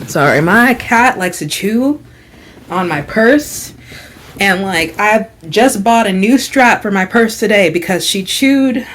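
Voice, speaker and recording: A young woman vlogger telling a story in casual chat, animated and dramatic, with lots of "like". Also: mid-range voice, slight background noise. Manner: chatty, full of "like", dramatic retelling.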